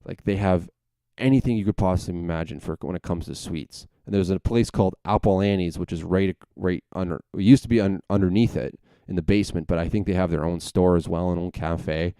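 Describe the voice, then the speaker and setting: A man's voice: low voice, fairly quick, dark tone, clean tone, no echo. A young man hosting a podcast, telling a rambling, profane story full of self-corrections in a casual monologue. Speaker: podcast host.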